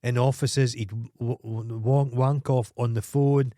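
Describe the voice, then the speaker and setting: A man's voice: medium pitch, steady tone, slow pace, dark tone, no room sound, clean studio sound. Ranting, sweary man. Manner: ranting, sweary, stumbling restarts. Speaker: podcast co-host. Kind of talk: casual podcast chat.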